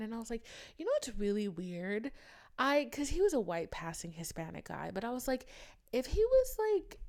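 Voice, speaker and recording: Young woman podcaster spilling a story, swears a lot, voice jumps up and down. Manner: animated, swings pitch and loudness, swears freely. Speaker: podcast host. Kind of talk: candid storytelling chat.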